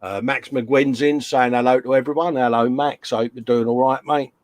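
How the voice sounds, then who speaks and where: A man's voice: medium pitch, fairly even intonation, moderate pace, a little mellow, no room sound. A man hosting a casual live stream, chatting and reading out viewer comments in a jokey way.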